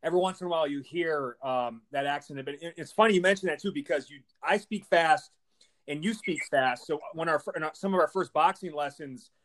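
An enthusiastic man in his thirties with a Wisconsin Midwest accent, hosting a podcast. His voice sits a little on the high side, and he talks quickly, packing his sentences with "man" and "you know". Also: a bit bright. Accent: Wisconsin Midwest American. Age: 30s. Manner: enthusiastic, fast-talking, lots of fillers like man and you know. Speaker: podcast host. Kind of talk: podcast intro and interview.

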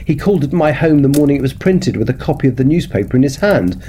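Give me an indignant, scolding Victorian gentleman, read by a man telling the story, his voice rising as he demands action. He has a mellow tone and swings widely in pitch. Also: lively intonation, fast talker, slight background noise, lightly acted. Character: indignant Victorian gentleman whose property was stolen.

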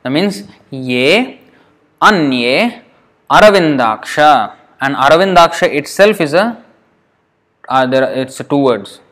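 A man teaching a Sanskrit class, patiently spelling out words and repeating them slowly as he explains sandhi rules. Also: on the high side, lively intonation, fairly bright tone.

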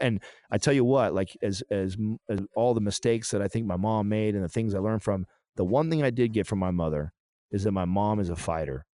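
Blunt, swearing man, low voice. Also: darkish tone, no echo. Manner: blunt, profane and emphatic. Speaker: podcast co-host. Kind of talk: candid podcast storytelling.

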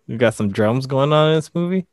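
A man's voice: medium pitch, expressive, fairly quick, darkish tone. A man hosting a podcast in casual chat, laid-back and teasing, laughing often. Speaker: podcast host.

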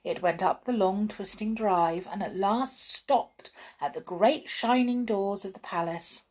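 A woman's voice: medium pitch, measured pace. Woman reading a children's storybook. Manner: gentle, expressive reading with lively dialogue voices.

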